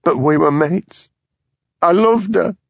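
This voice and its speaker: A man's voice: mid-range voice, moderate pace, no room sound, muffled recording, pitched above the performer's own voice, natural voice. A man doing a curt Yorkshire woman. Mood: distraught. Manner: curt, defensive, prickly. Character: small sharp-tongued woman designer.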